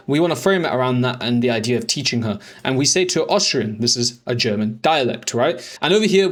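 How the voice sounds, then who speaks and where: Fast, profane young male dating coach. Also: mid-range voice. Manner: profane, mocking, rapid-fire banter. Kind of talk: voice-over commentary on chat screenshots.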